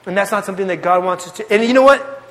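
A young man giving a casual, animated testimony to a youth group, telling his story with slang. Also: high-pitched, rapid-fire. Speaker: youth speaker. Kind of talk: testimony sermon. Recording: long hall reverb.

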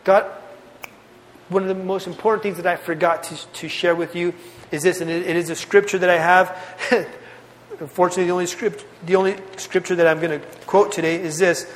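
A man's voice: high voice, fairly even intonation, brisk. A man preaching a youth sermon in an earnest, conversational way, often repeating phrases for emphasis. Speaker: youth pastor. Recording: long reverb of a hall.

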